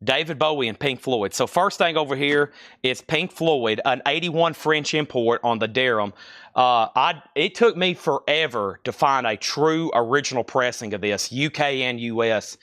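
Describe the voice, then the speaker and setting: An excitable man hosts a live record sale, calling out prices and bidders while he chats to himself. His voice sits at an average pitch. The sound is close and dry. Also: moderate pace, no echo. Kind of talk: live selling commentary.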